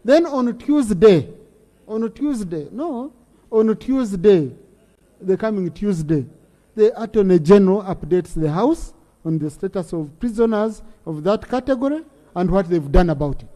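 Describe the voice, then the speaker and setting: A man's voice: high voice, lively intonation, moderate pace, mellow. A man with a Ugandan English accent chairing a parliamentary session, firm and given to repeating phrases. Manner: firm, repeats phrases while directing debate. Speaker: presiding speaker of parliament. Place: parliament chamber. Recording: long reverb of a large chamber.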